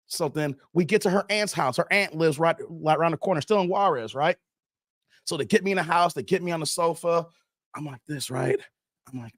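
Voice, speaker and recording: This livestream host from Chicago, USA, has an unusually high voice and speaks a bit fast in a relaxed, chatty stream. Addressing his chat head-on, he animates his tale by impersonating its characters. There's no reverb; the recording sounds dry and near.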